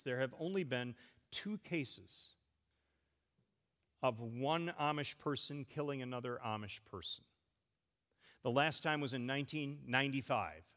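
Man preaching in a reverberant church. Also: a bit bright. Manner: emphatic preaching with big swings in pitch and volume. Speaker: pastor. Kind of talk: sermon.

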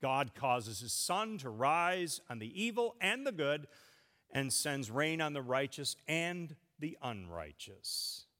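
A man preaching a sermon, emphatic, with big swings in pitch and volume. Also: very animated, takes it slowly, pushed and bright. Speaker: pastor. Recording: long church reverb.

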